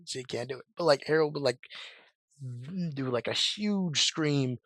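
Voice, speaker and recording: A young man with a hoarse voice talks through his ideas in loose, rambling fan commentary, full of "like" and half-started sentences. His pitch sits in an ordinary middle range, and the sound is dry and close, with no room around it. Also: animated, moderate pace, a bit bright, dry recording. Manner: rambling, lots of "like" and restarts, slangy. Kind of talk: casual commentary.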